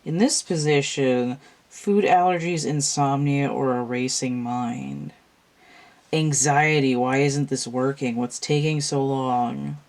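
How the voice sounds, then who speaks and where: Slow, drowsy woman musing over tarot cards. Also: a bass voice, steady tone, creaky, a little mellow. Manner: musing, meandering, thinks aloud with restarts. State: tired, yawning. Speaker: tarot reader. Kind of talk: casual card-reading monologue.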